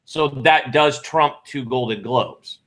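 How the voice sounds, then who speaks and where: A man's voice: medium pitch, slow pace, a bit bright. A middle-aged man co-hosting a chat show, talking casually in a rambling way with many restarts. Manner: rambling, restarts and self-corrections. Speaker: podcast co-host.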